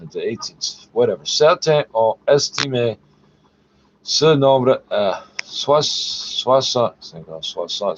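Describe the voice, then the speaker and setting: A man reading French aloud haltingly in a casual solo recording, cursing and arguing with the text between lines, often muttering his asides. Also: medium pitch, a little hiss or hum. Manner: profane, argumentative, mutters asides under his breath; reads French haltingly, stopping to correct himself. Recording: dull lo-fi recording with faint music. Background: faint music.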